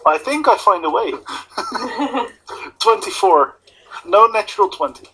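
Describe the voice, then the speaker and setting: A man's voice: sits high, expressive, slow, bright, forceful tone, a little hiss or hum, poor audio. A man playing a tabletop game, talking casually about his rolls. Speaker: player.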